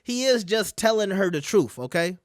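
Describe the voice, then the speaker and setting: A man's voice: high-pitched, lively intonation, normal speed, dry recording, clean studio sound. A man hosting a casual commentary video, talking the audience through some text messages and often checking in with them. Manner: chatty, conversational, keeps asking the audience. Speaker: commentary channel host.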